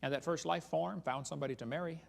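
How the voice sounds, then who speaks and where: A man's voice: on the high side, fast, vocal fry, long reverb tail. A man giving a humorous seminar talk as a creationist speaker, sarcastic and chuckling at his own jokes.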